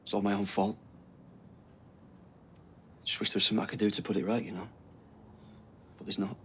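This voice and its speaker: A man's voice: lowish voice, level tone, a little fast, a little hiss or hum, natural voice. A middle-aged actor playing a guilt-ridden father who talks in a subdued, weary way.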